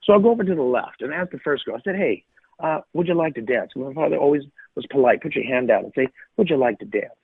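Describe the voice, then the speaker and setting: A man's voice: mid-range voice, expressive, fast talker, vocal fry, slightly rough, no room sound. A middle-aged man co-hosting a podcast, telling stories in an emphatic, casual way and repeating phrases for punch. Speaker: podcast co-host. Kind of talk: casual storytelling chat. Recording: tinny phone-like line.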